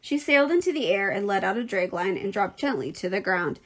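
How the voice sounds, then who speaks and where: A woman teacher reading a children's book aloud with clear, expressive storytelling. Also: medium pitch, brisk.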